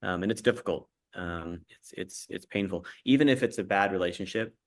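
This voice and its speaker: A man hosting a livestream interview with cast members, talking haltingly with many fillers and restarts. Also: low-pitched.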